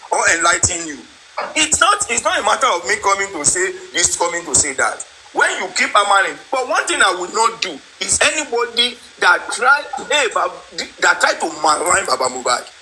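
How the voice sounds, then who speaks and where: A man's voice: sits high, big pitch swings, fairly quick, bright, forceful tone. A man in a heated online group discussion, insistent, repeating himself and talking over others. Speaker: live-stream participant. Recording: noisy online call audio.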